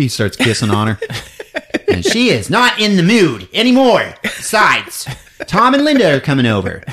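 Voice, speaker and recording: A man with a slightly high voice tells a movie story for laughs. His pitch leaps all over the place as he jumps between characters, and he keeps breaking into laughter. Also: moderate pace, slightly rough. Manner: animated, laughs often, acts out characters. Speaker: podcast host recapping a film. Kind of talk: comedic movie recap.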